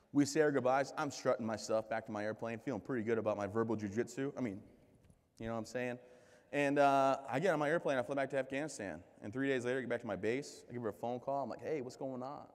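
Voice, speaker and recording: A man in his thirties from the United States giving a keynote speech as a string of comic stories, joking and poking fun at himself, with lively voices for the people he quotes. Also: mid-range voice, fast. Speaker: keynote speaker. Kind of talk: comedic storytelling speech. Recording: reverberant hall.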